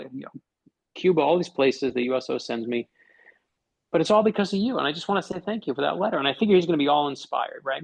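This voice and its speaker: A man's voice: medium pitch, gravelly, dull audio. A middle-aged man, a podcast guest and author, telling a personal story in conversation and acting out the dialogue.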